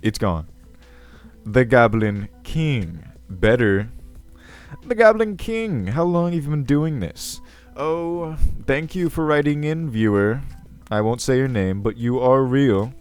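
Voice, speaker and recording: A man's voice: medium pitch, animated, measured pace, a little mellow, clear, resonant tone, pitched above the performer's own voice, natural voice. A man voicing a self-important, ancient male goblin king who rambles, with a crackly voice, over faint background music. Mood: pompous. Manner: pompous, rambling, self-assured. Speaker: video host. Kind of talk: character comedy Q&A.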